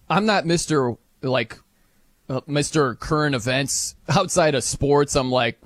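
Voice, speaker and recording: A man hosting a sports talk show, animated and incredulous, laughing as he talks. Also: mid-range voice, no room sound.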